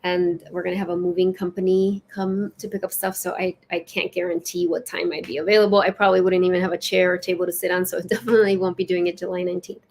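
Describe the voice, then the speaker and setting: A woman's voice: fairly low pitch, fast, few pauses, slight background noise. Chatty woman reading oracle cards. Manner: warm, chatty, lilting and expressive, with soft laughs. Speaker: spiritual teacher hosting a live session. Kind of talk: casual live-stream chat and oracle card reading.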